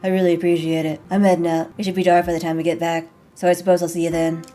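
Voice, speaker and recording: A woman doing a quiet, shaken young man. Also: on the low side, flat delivery, very fast, faint music behind, voice pushed down, natural voice. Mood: overwhelmed. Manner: quiet, subdued.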